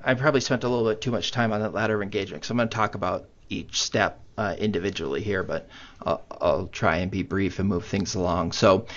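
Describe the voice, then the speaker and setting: A man's voice: low voice, quick pace, fairly bright tone. A man presenting a webinar in a conversational way, with lots of fillers. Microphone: computer mic on video call. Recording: muffled online meeting audio.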